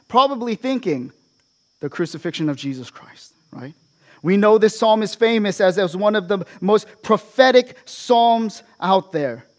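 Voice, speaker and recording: A male pastor preaching an expository sermon, often checking in with the congregation with a quick "right?". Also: high-pitched.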